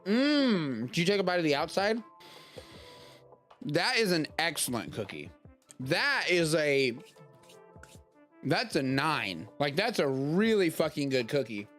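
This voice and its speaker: A man's voice: a little high, big pitch swings, unhurried, pauses often, fairly bright tone, faint music behind. A man hosting a live show in casual chat, loose and rambling as he talks, swearing offhandedly now and then. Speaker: show host. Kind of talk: casual chat, tasting food. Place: home studio during a live stream.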